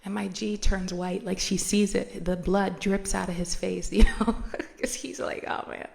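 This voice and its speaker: A woman's voice: medium pitch, little pitch movement, measured pace, vocal fry, a little mellow. A woman hosting a podcast who retells a story in a chatty, slangy, casual way and laughs often. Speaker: podcast host.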